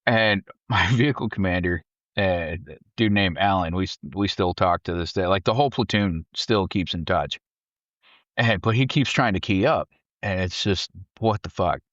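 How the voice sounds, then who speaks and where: A Marine veteran, guesting on a podcast, tells war stories casually at a moderate pace, swearing freely. He's animated and acts out quotes in a shouted, high voice. The recording is lo-fi but dry, with no room sound.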